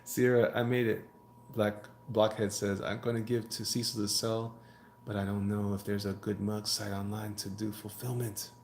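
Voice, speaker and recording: A man's voice: lowish voice, level tone, moderate pace, darkish tone, reverberant, a little hiss or hum. A man, a comic artist, chatting casually on a live stream while he draws, reading viewer comments aloud and joking around. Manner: rambling, jokey, reads chat aloud and riffs.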